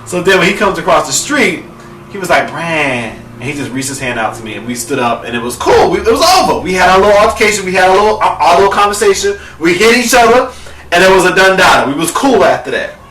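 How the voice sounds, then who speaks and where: A young man telling a profane, dramatic story to his camera, calling his viewers "girl" and breaking into shouts at the high points. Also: sing-song, fast talker, far from the mic, background noise. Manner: bursts into shouting at peaks. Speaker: vlogger. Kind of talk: animated storytelling rant. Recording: echoey room, off the mic.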